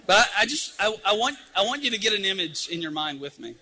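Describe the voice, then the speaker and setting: A middle-aged man preaching a sermon, telling a lively story and acting out the scenes. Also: high-pitched, fairly quick, slightly rough. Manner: animated storyteller, acts out scenes.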